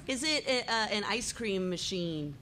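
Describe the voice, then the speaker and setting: A woman's voice: medium pitch, animated, moderate pace, crowd noise. A woman playing a comedy quiz as a contestant, tossing out bold, cheeky guesses. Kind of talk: casual comedic banter.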